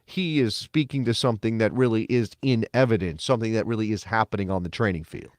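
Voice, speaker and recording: Male podcast co-host, conversational and animated, dry studio sound. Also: quick pace, no room sound. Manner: animated, mock-quotes others in high voice. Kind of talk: casual sports talk.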